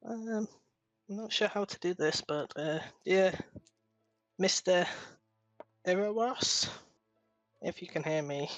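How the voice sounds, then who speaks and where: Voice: medium pitch, dry recording, natural voice. A player voicing an unsure young man who talks back to a goddess, hesitant and sassy by turns. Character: unsure young man seeking his mother, cheeky.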